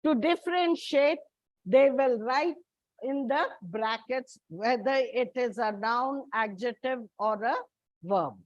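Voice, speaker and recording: A woman teacher with an Indian English accent gives an exam coaching lecture in a high voice. She talks slowly and patiently, addressing her students as children. The recording is dry and a little dull. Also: no room sound.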